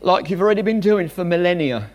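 A male preacher with a high, bright voice that leaps all over the place as he talks. He jokes with the congregation and shifts from loud bursts to quiet, hushed asides. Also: fast, highs cut off. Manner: animated, jokey, swings between loud bursts and hushed asides. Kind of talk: sermon.

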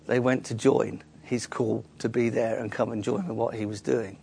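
A man's voice: medium pitch, level tone, moderate pace, creaky, dark tone, slight background noise. A man preaching a sermon in a church, earnestly explaining scripture with frequent small restarts. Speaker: pastor.

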